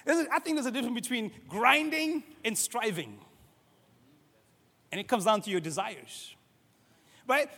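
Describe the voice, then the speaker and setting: High-voiced pastor preaching in a hall. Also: male voice, normal speed. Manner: conversational, animated, acts out quoted voices. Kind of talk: sermon.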